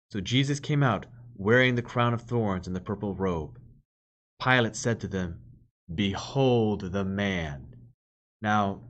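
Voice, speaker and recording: Low-voiced priest reading and explaining scripture. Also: male voice, dull audio. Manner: reads scripture aloud, then explains it plainly with fillers. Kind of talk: Bible reading with commentary.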